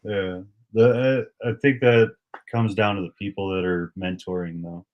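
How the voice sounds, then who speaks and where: Podcast host: a man with a low-pitched voice, relaxed and conversational, drops "man" and "like" often. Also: moderate pace, muffled recording. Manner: easygoing, chatty, says "man" and "like" a lot.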